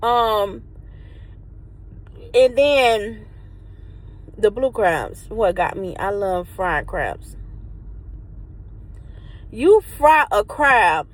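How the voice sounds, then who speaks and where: A woman's voice: medium pitch, lively intonation, very slow, pauses often, rough recording. A woman reviewing a meal for her vlog, talking emphatically to viewers outdoors by a truck. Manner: emphatic, repeats herself, addresses viewers as y'all. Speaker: vlogger reviewing food. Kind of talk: casual vlog talk to viewers.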